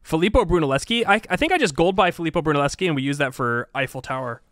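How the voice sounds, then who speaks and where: A man's voice: fairly high pitch, lively intonation, very fast, fairly bright tone, dry recording. A young man casually commentating his strategy game as a streamer, joking, laughing often and talking to himself and his chat.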